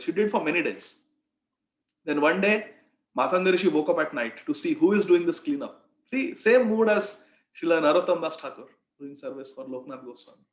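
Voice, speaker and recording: A man teaching a class, retelling a devotional story earnestly, with explanations for his listeners. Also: a little high. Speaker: spiritual teacher. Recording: echoey, dull lo-fi room recording.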